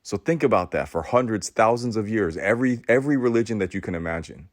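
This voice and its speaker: A male podcast host with a lowish, animated voice delivers a sermon-like, preachy motivational monologue, complete with dramatic pauses, repeated phrases, and stammering restarts. The recording is clean studio sound with no room sound.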